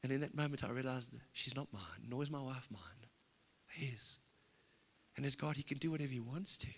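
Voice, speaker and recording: A middle-aged man preaches, telling his own story with raw intensity. His voice climbs loud and drops to near-hushed, sitting in a mid range. A long reverb trails off each phrase, as in a large church hall. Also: medium pitch, a little fast, gravelly, breathy edge. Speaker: pastor. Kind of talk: sermon testimony.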